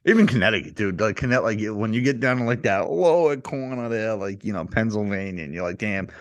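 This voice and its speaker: A man's voice: lowish voice, expressive, a little fast, no echo. A man from the Midwest telling stories in casual chat, swearing and laughing often. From Midwest, Missouri.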